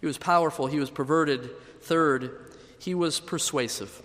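A man's voice: a little high, unhurried, fairly bright tone, long reverb tail. A man preaching a sermon as pastor, emphatic, repeating key phrases for effect.

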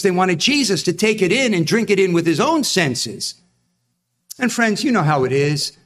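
A man preaching to his congregation in a slightly high voice. He is animated, acts out the people he quotes and keeps asking his listeners questions. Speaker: pastor. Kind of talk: sermon.

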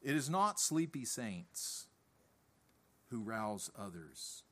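A man preaching a sermon with emphatic repetition, who often clears his throat and whose voice rises and drops away. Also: medium pitch, sing-song, fairly bright tone. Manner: slow, deliberate delivery that swells and drops off.

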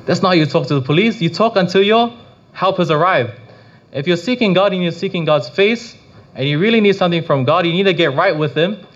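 A man's voice: high-pitched, brisk, a bit bright. A man giving a casual devotional talk on prayer, rambling with frequent restarts and filler phrases. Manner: rambling, full of restarts and "you know". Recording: slightly dull lo-fi recording.

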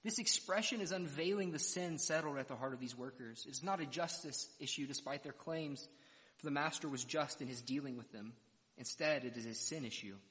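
A man's voice: mid-range voice, fairly bright tone. Man preaching in a reverberant hall. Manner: dramatic storytelling, verse by verse. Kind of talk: expository sermon. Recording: long reverb of a large hall.

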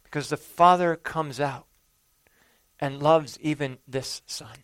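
A male preacher delivering a sermon, telling the story earnestly and swelling for emphasis before falling quiet. His voice is smooth and clear, and the sound is dry and close. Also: on the high side, takes it slowly, no room sound. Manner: earnest storytelling, with rising emphasis and soft drops.

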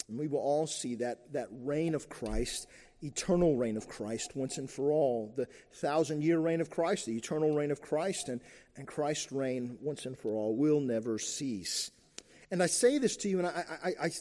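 A man's voice: fairly high pitch, warm tone. A man preaching a sermon as pastor, earnest and emphatic, often restarting phrases as he builds to a point. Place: church sanctuary. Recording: church recording with long hall reverb.

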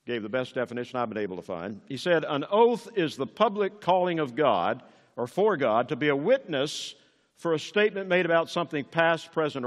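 Older preacher with a lively voice. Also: male voice, mid-range voice, in a large hall. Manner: emphatic preaching, rising on key words. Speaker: pastor. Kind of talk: sermon.

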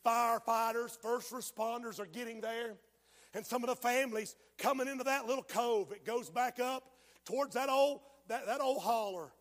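High-voiced preacher shouting in a hall. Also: male voice, normal speed. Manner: fiery preaching, swings from hushed to shouting. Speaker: pastor. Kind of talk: sermon. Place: church sanctuary.

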